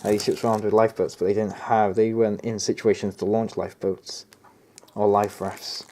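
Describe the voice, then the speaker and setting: A man's voice: on the low side, little pitch movement, quick pace, mellow. A young man giving a casual unboxing review of a model kit, rambling, hesitant and often correcting himself. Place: home near a road.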